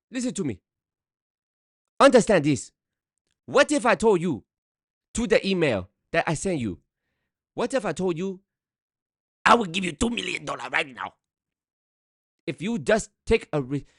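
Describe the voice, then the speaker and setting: A man voicing a boastful male scam prince in a put-on Nigerian accent, with a hammy sales-pitch delivery. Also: a bit bright, dry recording, studio quality, heavily acted. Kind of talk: comedic impression.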